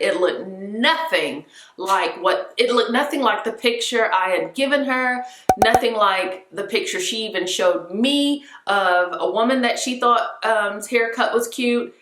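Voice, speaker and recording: Animated woman telling a storytime. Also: medium pitch, reverberant. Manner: animated, acts out quoted voices. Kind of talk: casual storytime to camera.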